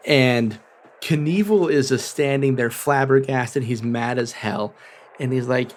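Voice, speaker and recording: Man narrating as a guest game master. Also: medium pitch. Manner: casual, quick asides. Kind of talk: narrating a tabletop role-playing game.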